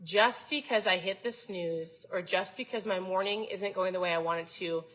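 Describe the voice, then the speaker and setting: Bright-voiced chatty woman coaching viewers. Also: mid-range voice, normal speed, low-quality recording. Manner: chatty, coaching, asks the audience questions. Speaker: host. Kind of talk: casual motivational talk to viewers.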